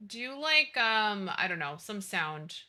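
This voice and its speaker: Bubbly, bright-voiced woman streamer. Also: medium pitch, big pitch swings, takes it slowly. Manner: bubbly, swears freely, apologetic while fiddling with settings. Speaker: live streamer. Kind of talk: casual live-stream chat.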